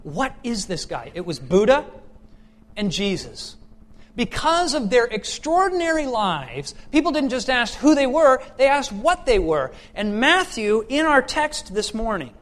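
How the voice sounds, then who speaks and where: A male preacher with a notably high voice reads scripture and then preaches in a chatty, storytelling way. He stumbles and restarts often, then builds to emphatic, ringing questions. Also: big pitch swings, measured pace, fairly bright tone. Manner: conversational, with fillers and restarts, rising to emphatic questions. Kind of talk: scripture reading and sermon.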